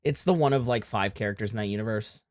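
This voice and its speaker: A man's voice: on the low side, quick pace, darkish tone, no echo, clean studio sound. A man streaming live, joking crudely and reacting to clips with chat.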